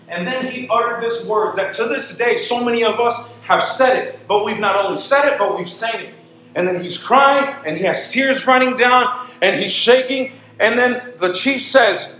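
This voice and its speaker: Preacher man with a high voice, dramatic storytelling sermon, echoey church room, soft music under him. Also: moderate pace. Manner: dramatic, swings from loud to hushed.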